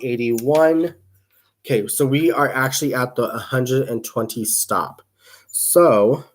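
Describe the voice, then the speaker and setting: A man's voice: mid-range voice, darkish tone. Chatty man crocheting on a livestream. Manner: rambling and chatty, reads viewer comments aloud, counts stitches under the breath. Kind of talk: casual livestream chat while crocheting.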